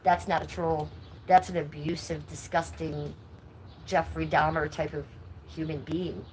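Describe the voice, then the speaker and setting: A woman's voice: low-pitched, little pitch movement, a little slow, darkish tone, a little hiss or hum, rough recording. A middle-aged woman with a nasal voice, talking bluntly and indignantly to her chat on a live stream. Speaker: livestreamer.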